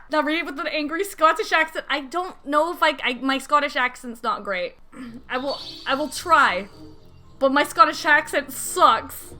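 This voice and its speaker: A woman's voice: high-pitched, moderate pace, bright, forceful tone, faint music behind. A woman streaming a game, chatting casually with a giggly, self-deprecating manner. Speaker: let's play streamer. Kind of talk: casual gameplay commentary.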